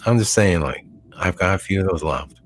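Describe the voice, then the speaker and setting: Call-in host, middle-aged man, low voice with lively swings, rambling chat. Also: normal speed, a little hiss or hum. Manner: rambling, laughs a lot, restarts. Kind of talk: casual chat.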